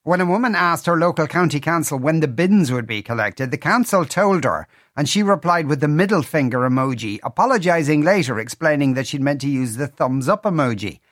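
A man's voice: on the high side, expressive, fairly quick, few pauses, fairly bright tone, dry recording, studio quality. A man hosting a radio talk show, reading listener messages with wry, teasing banter. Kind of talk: casual radio chat. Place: radio studio. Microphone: studio mic.

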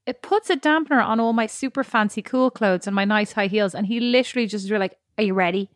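A woman's voice: fairly high pitch, fast, dry recording, studio quality. A woman with an Irish accent co-hosting a podcast, chatting casually and teasing her sister with lots of laughs. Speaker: podcast co-host. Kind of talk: casual chat.

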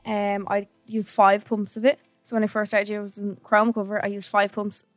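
A woman's voice: mid-range voice, monotone, moderate pace, dry recording, soft background music. A young Irish woman co-hosting a podcast, chatting playfully and giggling with her friend. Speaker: podcast co-host. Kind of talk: casual chat.

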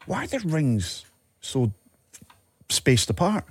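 A man's voice: a little high, huge pitch swings, slow pace, noisy background. A Scottish man co-hosting a football podcast, chatting in playful, jokey banter. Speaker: podcast co-host and radio presenter. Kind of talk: casual banter.

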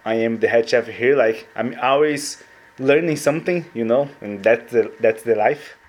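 A man's voice: mid-range voice, moderate pace. Cheerful man with a Brazilian accent. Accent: Brazilian Portuguese. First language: Portuguese. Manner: cheerful, simple phrasing, frequent "like". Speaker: head chef.

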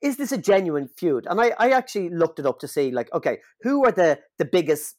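A man's voice: sits high, big pitch swings, fairly quick, no echo, studio quality. An Irish man co-hosting a podcast, chatting casually in a rambling, jokey way full of fillers. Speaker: podcast co-host. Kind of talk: casual chat.

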